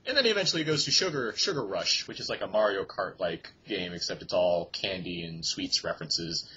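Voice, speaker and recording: Guy hosting a movie podcast, rambly recap, raspy bright voice, muffled audio. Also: low-pitched, expressive, fairly quick. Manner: rambling, self-correcting summary. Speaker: podcast host. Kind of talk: casual film review chat.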